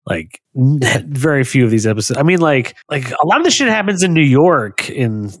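A man's voice: mid-range voice, sing-song, moderate pace, no room sound, studio quality. A man co-hosting a podcast, talking casually and laid-back, with frequent swearing and laughter. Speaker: podcast co-host. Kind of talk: casual chat.

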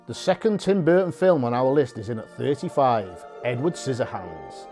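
A man's voice: mid-range voice, lively intonation, normal speed. Playful man over music. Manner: playful, laughing presenter. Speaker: co-host of a film countdown show. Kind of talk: presenting a countdown with banter.

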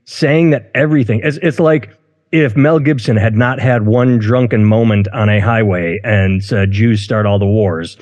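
A man co-hosts a casual podcast chat, rambling and outspoken, often interrupting and restarting his own words. His medium-pitched voice is a little mellow at a moderate pace. The audio has its highs cut off and a long room reverb.

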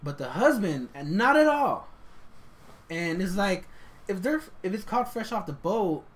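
Animated, slightly high-voiced podcast co-host man. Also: measured pace. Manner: animated, chatty, laughs often. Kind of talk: casual chat.

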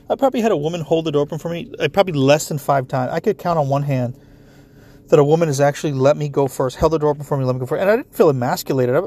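A man in a blunt, profane ranting monologue, talking straight at his listeners with heavy swearing. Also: on the high side. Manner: animated, talks straight at listeners. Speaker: solo commentator.

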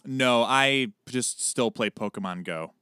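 A man co-hosting a podcast, chatting casually with jokey, animated storytelling. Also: mid-range voice, a little slow, clean tone, no room sound, studio quality. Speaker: podcast co-host. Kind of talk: casual chat.

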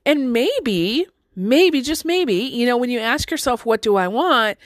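A woman's voice: on the high side, lively intonation, measured pace, hardly any pauses, no room sound. A middle-aged woman life coach giving a motivational talk to listeners, conversational and full of rhetorical questions and "right?".

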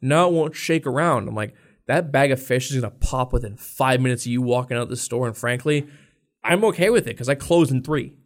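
A man's voice: medium pitch, brisk. A young man co-hosting a podcast, telling a rant-filled story in casual chat, cursing and acting out customers. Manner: profane, exasperated storytelling, acts out customers. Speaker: podcast co-host.

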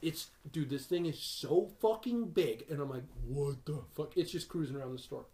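A man's voice: on the high side, normal speed, dark tone, reverberant. A man telling a long story in casual podcast chat, swearing and acting out what people said. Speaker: podcast host.

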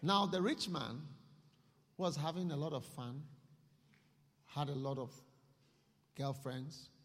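A man preaching a sermon, telling a story in an animated way at a church service. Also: fairly high pitch, slow. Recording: echoey hall.

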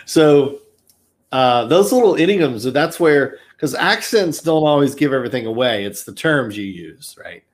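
A man's voice: mid-range voice, expressive, measured pace. A man with a Southern American accent hosting a podcast, talking casually with many fillers and digressions. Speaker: podcast host. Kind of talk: casual chat.

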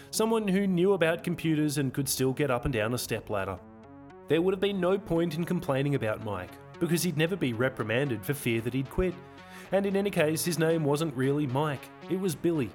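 A man reading his own audio novel as narrator, in a dry, measured storytelling voice. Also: medium pitch, lively intonation, darkish tone, soft background music. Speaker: author and narrator.

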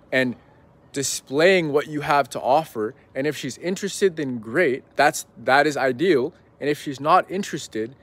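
A man's voice: a little high, dry recording. A young man telling a story as a podcast guest in a casual, rambling way, full of "like" and "right?". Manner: rambling, heavy use of "like" and "right?".

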